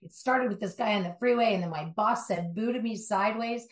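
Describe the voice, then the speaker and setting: A middle-aged woman from Southern California, a life coach speaking as an interview guest, emphatic and animated, with quick asides. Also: mid-range voice, roomy sound. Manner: animated, emphatic storytelling with asides and mock voices. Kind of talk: conversational interview.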